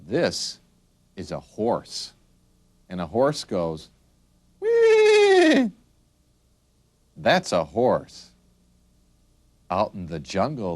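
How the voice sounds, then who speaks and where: A man teaching young children the names of animals in a slow, sing-song way, making the animal sounds. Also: low voice, no room sound. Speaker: children's video narrator.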